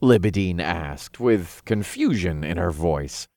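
A man narrating an audiobook in an expressive, playful reading. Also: deep voice, slow, no room sound, clean studio sound.

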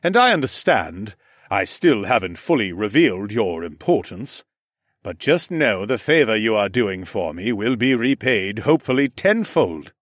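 A man voicing a calm, dignified nobleman in an audiobook, with a low, rumbling, measured and formal voice. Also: no echo, clean studio sound. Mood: earnest. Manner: formal and courteous.

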